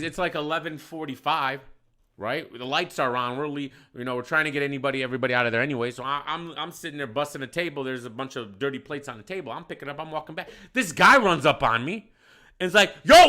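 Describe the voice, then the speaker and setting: A young man with a very bright, slightly high voice tells a crude story about a rowdy night at his bar. He drops low and quiet, then bursts out loud and heated, with plenty of cursing. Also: fast talker. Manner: swings from low mutters to loud outbursts. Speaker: bar manager. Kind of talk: profane storytelling rant.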